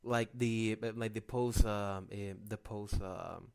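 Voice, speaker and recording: Halting male podcast co-host. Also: on the low side, fairly even intonation, gravelly, a little mellow, clean tone. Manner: halting, stumbles and restarts often. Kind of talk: casual gaming chat.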